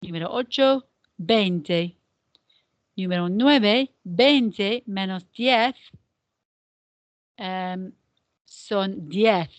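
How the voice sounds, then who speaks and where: A woman's voice: mid-range voice, very slow, long pauses, dry recording, dull audio. An English woman teaching a beginner Spanish lesson, patiently drilling words and numbers. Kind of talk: recorded classroom lesson.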